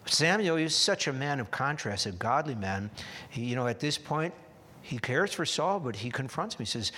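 Earnest preacher with hall reverb. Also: male voice, mid-range voice, big pitch swings, normal speed, sharp tone. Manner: earnest, restarting phrases, rising emphasis. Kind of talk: sermon.

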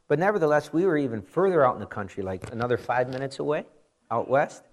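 A middle-aged man preaching a sermon in a loose, conversational way, wandering into personal stories and asides. His pitch swings widely, rising and dropping as he makes each point. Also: fast. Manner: animated storytelling with frequent asides. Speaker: pastor.

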